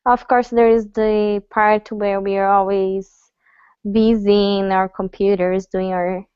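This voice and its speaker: Slow, smooth-voiced woman. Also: medium pitch, little pitch movement, no echo. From Brazil. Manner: measured, hesitant. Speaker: HR assistant, student. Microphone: video call. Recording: muffled lo-fi call audio.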